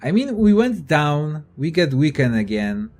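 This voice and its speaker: A man's voice: fairly high pitch, very animated, a little slow, darkish tone, faint music behind. Casual young man, swearing gamer. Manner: profane, offhand, thinking aloud. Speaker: let's play gamer. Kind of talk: casual gameplay commentary, reading game text aloud.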